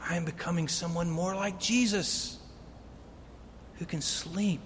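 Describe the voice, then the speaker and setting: A man's voice: steady tone, a little slow, a bit bright. A man preaching a sermon earnestly, building to emphatic peaks. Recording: long reverb of a hall, faint rumble.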